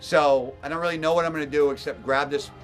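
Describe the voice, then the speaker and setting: A man's voice: a little high, fairly even intonation, quick pace, faint music behind. A man working as a hunting guide, telling a story in an emphatic way and repeating words for stress. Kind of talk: storytelling narration.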